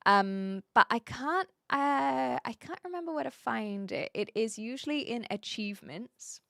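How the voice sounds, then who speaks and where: A young woman from New Zealand with a New Zealand accent, chatting casually on a live stream, reading out chat and filling pauses with ums and quick laughs. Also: a little high, lively intonation, gravelly, pushed and bright, no echo, clean studio sound. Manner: chatty, reads chat aloud, frequent fillers and quick laughs.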